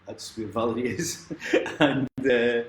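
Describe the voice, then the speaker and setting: A man's voice: mid-range voice, slow, slight background noise. A man, a folk singer hosting his own livestream, chatting between songs in a rambling way and chuckling often. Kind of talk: casual chat between songs. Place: at home during lockdown. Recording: roomy echo with guitar playing.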